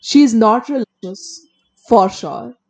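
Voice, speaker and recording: A woman talks through a criminal case in a relaxed podcast conversation. She reads out the facts and then breaks off to give her own blunt opinions. She trips over a word now and then. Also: on the high side, slow pace. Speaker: co-host. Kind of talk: casual true-crime podcast chat.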